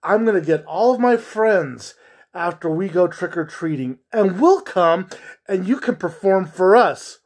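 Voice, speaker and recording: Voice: mid-range voice, lively intonation, a little slow, darkish tone, pitched above the performer's own voice. Brief: a performer as a sweet, determined little girl, slightly raised voice. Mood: earnest. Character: curious kind little girl.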